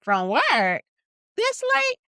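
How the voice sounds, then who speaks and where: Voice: high voice, huge pitch swings, very slow, bright, forceful tone, no room sound, studio quality, pitched above the performer's own voice, full character voice. A podcast host voicing their devout elderly grandmother, blunt, caring and full of disbelief. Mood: incredulous. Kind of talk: acted quotes in casual podcast chat.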